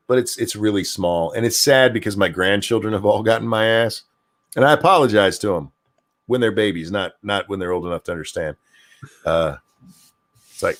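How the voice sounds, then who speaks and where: This older man's voice sits fairly low and moves at a moderate pace. Hosting an easygoing streamed talk show, he chats with lots of swearing, energy, and self-deprecating humor.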